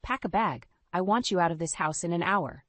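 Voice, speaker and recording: A woman's voice: on the low side, animated, brisk, fairly bright tone, dry recording. Woman voicing a curt, dismissive husband. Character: stern, impatient husband, adult man.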